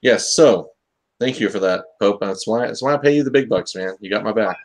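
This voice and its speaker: A man's voice: lowish voice, brisk. A man hosting a casual comics talk stream, joking and rambling with lots of fillers. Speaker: host of a comics talk show. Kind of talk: casual live-stream chat.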